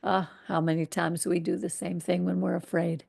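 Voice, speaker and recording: A woman reading scripture aloud and pausing for reflective, conversational commentary as a Torah teacher. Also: on the low side, level tone, gravelly, darkish tone, slightly rough.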